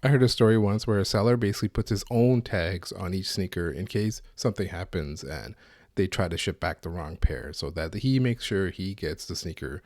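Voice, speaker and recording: A man's voice: low voice, darkish tone, no room sound, studio quality. A man hosting a solo podcast, talking in an opinionated, sardonic, ranting way. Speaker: podcast host.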